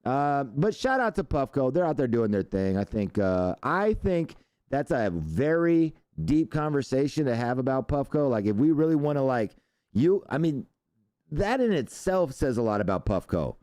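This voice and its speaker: Male host, casual live chat with viewers, lively swooping delivery, mellow dark tone, dry close mic. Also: mid-range voice, normal speed, dry recording. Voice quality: loose, profane, animated. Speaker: show host.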